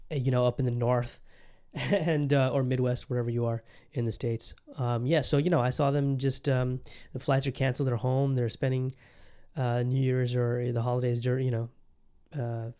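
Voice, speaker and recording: A man's voice: mid-range voice, warm tone. A young adult man hosting a podcast on his own, chatting casually in a rambling way with lots of fillers and restarts. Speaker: podcast host. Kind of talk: casual solo podcast chat.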